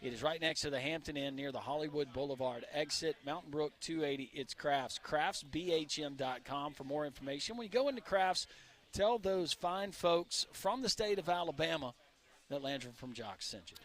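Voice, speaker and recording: A man hosting live sports radio with an upbeat, salesy delivery, quick through an ad read. His voice sits a touch high for a man. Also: a bit bright. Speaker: radio host. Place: restaurant on location broadcast.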